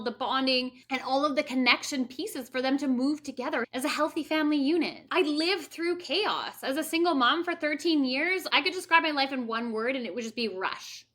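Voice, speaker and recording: A woman in her thirties tells her own story in a candid, blunt way and swears freely. Her voice sits high and sounds bright and a little sharp. She slips into lively quoted asides as she talks. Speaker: coach for women. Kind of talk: personal story monologue.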